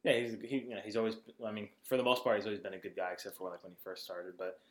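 A podcast co-host chats casually about a movie for a review, stuffing his speech with "like" and laughing often. His voice is on the low side and very fast, with a roomy sound.

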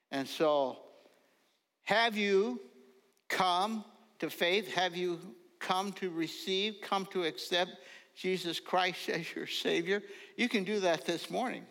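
An older man preaching a folksy sermon, telling stories slowly and now and then rising into loud ringing calls. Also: high voice, fairly even intonation. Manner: slow storytelling, bursts into loud ringing calls. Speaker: pastor. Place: church sanctuary. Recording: long reverb of a large hall.

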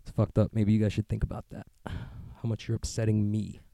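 Fairly low, monotone and gravelly yet warm, this US man talks fairly quickly with no room sound. Hosting a podcast from the street, he jokes profanely and casually, rambling until he gets worked up into ranting.

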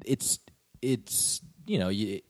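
A young man, a comedian and actor, telling stories in a casual podcast chat, jumping into high voices to act out quotes. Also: slow, no echo, clean studio sound. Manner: animated storyteller, acts out quotes in high voices.

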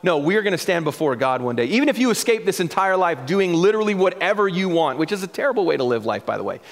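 High-voiced pastor preaching in a hall. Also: male voice, big pitch swings, fast talker. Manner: conversational preaching, drawls key phrases, chuckles. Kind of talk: sermon.

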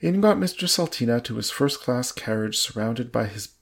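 A man's voice: medium pitch, expressive, normal speed, creaky. A man reading an old book aloud, stumbling over words and laughing at the text. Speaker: reader.

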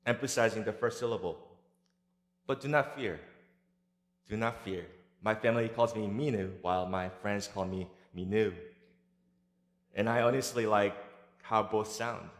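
Man preaching in an echoey church. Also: fairly low pitch. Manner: measured, deliberate delivery with light humor. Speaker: pastor. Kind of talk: sermon. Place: large church sanctuary. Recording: echoey church hall with long reverb.

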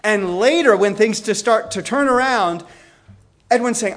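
A man's voice: normal speed, fairly bright tone. A man lecturing on history, telling the story with energy and acting out the quoted lines. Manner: storytelling, acts out quotes with shifts in pitch.

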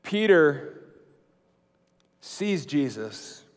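A man preaching a sermon in a conversational way, swinging between emphatic lines and quiet, slow, hushed ones. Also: on the high side, very animated, in a large hall. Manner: conversational, with fillers and restarts.

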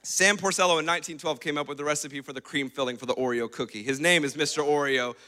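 A man preaching a sermon with humor and a chatty storytelling manner. His voice is high and bright and carries well. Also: steady tone, quick pace. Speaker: pastor.

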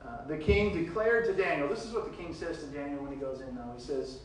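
A man preaching a sermon, reading scripture verses aloud and retelling them with big swings between loud and quiet. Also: on the high side, brisk, hardly any pauses, very echoey, far from the mic, a little hiss or hum, rough recording.

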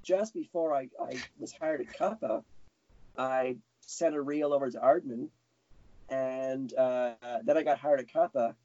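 A man's voice: medium pitch, measured pace, warm tone, no room sound. A man being interviewed, chatting casually with lots of restarts. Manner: rambling, self-correcting, chuckling. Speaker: guest animator. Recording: dull lo-fi sound.

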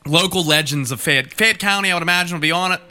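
A man co-hosts a loose, casual podcast chat. His voice is very bright and pitched a touch high, and he jokes and laughs easily as he talks. A faint bed of music sits underneath. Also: fast. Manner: laughs often, loose and joking. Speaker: podcast co-host.

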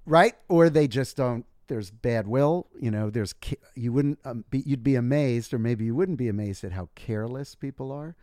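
A man talking as an interview guest, thoughtful and measured, explaining his views carefully. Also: medium pitch, a little mellow, dry recording, clean studio sound. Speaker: guest author. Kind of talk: casual interview talk.

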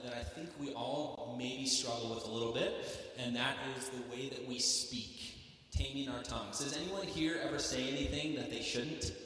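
A man's voice: medium pitch, fairly bright tone. A young man with a Southern US accent, a youth pastor preaching a sermon, chatty and joking with the congregation. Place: large church hall. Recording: echoey hall, mic at a distance.

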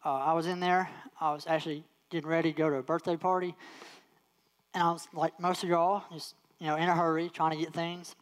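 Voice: mid-range voice, level tone. Preacher repeating phrases for emphasis. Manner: repeats key phrases for emphasis and acts out quoted voices; slows down on emphatic words. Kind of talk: sermon.

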